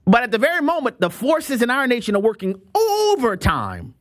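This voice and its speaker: An American man hosting a talk show monologue, emphatic and animated, acting out quotes as he goes. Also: sits high, brisk, hardly any pauses. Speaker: show host.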